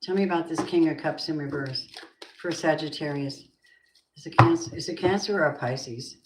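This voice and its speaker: A low-voiced woman reads tarot cards and muses aloud. She asks the cards and spirit questions as she goes. The sound is roomy with a faint hiss. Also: normal speed. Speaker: tarot reader. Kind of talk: tarot card reading. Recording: roomy echo.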